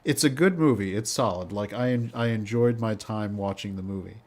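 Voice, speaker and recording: Flat, low-inflection man podcasting. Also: a little fast. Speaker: podcast co-host. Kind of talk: casual movie podcast chat.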